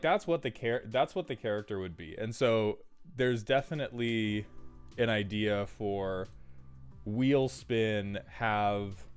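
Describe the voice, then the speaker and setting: A man streaming live, chatting casually and cheerfully greeting viewers by name. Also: lowish voice.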